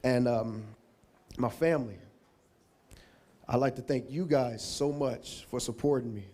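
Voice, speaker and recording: A man's voice: mid-range voice, a little slow, dark tone. A man at an awards podium, speaking in a mid-range voice. His speech is heartfelt and loose, full of restarts as he moves from one thank-you to the next. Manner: emotional, rambling, thanking people one by one. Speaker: Hall of Fame inductee giving an acceptance speech.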